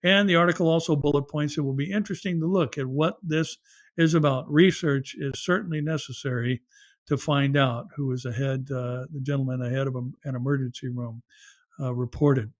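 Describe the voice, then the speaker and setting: A man's voice: mid-range voice, steady tone, fairly quick. Man in a news commentary monologue. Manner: reads news articles aloud with asides and fillers. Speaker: pastor and show host.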